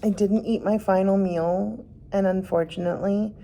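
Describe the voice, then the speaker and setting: A woman's voice: medium pitch, steady tone, moderate pace, mellow, slight background noise. A woman vlogging about her day, tired and emotional, close to tears and sighing as she talks. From Canada. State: tearful. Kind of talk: personal vlog.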